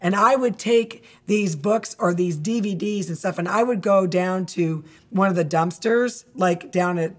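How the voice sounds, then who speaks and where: A woman's voice: medium pitch, unhurried, few pauses, a little mellow. A middle-aged woman giving a candid, rambling testimony in an interview, often laughing as she talks. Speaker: guest.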